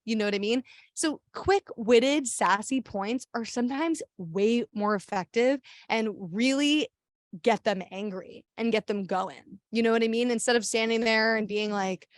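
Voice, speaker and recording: A woman's voice: a little high, a little slow, dry recording, studio quality. Chatty, sassy young woman giving a talk. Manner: chatty and sassy, with lots of fillers and restarts. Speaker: activist giving a workshop talk. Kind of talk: casual workshop presentation.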